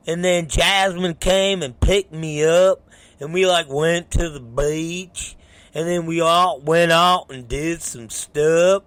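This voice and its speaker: A man hosting a talk show, telling a story in a casual, profane, animated way. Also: high-pitched, no echo. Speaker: show host.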